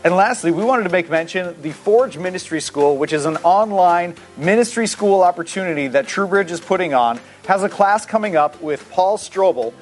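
Church announcer, man with a slightly high voice, upbeat and promotional, soft music under him. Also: lively intonation, moderate pace, hardly any pauses.

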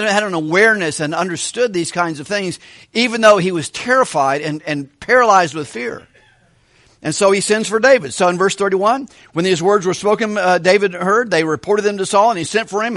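A man preaching a Bible study sermon with animated, questioning delivery in a church hall. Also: high voice, clean studio sound. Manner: animated, asks questions of the congregation. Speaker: pastor.

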